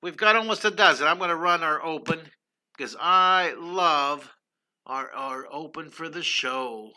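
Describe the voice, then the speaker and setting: Older man, drawing teacher, livestream, chatty, very bright voice, slightly high pitch. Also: slow pace. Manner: chatty and enthusiastic, greets viewers by name. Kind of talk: casual livestream drawing lesson. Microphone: computer streaming setup.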